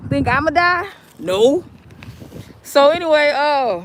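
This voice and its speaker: A woman vlogging outdoors on a city street while waiting for a bus, telling a story in an animated, emphatic, colloquial way. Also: high voice, moderate pace, very noisy. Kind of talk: casual storytelling vlog.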